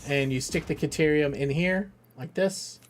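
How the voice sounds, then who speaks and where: A fairly high-pitched middle-aged man talks at normal speed over slight background noise while streaming a game for charity. He rambles casually, cracking jokes, swearing without restraint, and laughing a lot.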